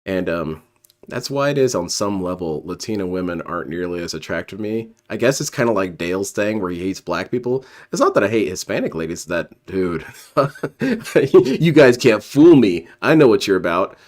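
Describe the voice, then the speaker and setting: Sarcastic, low-voiced male streamer. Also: expressive, brisk. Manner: sarcastic, rambling, mocking. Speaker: commentary streamer. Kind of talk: casual reaction commentary.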